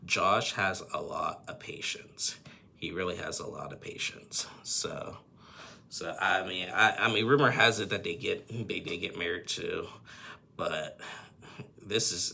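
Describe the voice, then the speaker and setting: A man's voice: low-pitched, creaky, bright, forceful tone, slight background noise. A man giving a rambling, opinionated casual recap of a TV episode, often tacking on "and stuff and everything".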